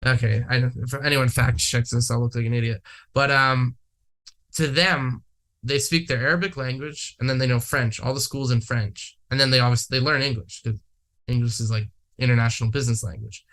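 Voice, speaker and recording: A man from Manitoba, Canada, guests on a podcast, chatting casually and rambling with plenty of fillers and swearing. His mid-range voice is steady, a little fast, and somewhat bright.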